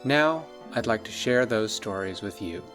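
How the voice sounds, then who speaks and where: A man hosting and narrating bedtime stories for children in a gentle, unhurried way. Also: lowish voice, animated, soft background music. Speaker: host and storyteller.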